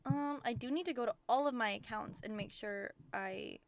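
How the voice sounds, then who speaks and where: Excitable, swearing woman streamer. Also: on the high side, moderate pace, gravelly. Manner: excitable, rambling, frequent swearing. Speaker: VTuber streamer. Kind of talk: casual livestream chat.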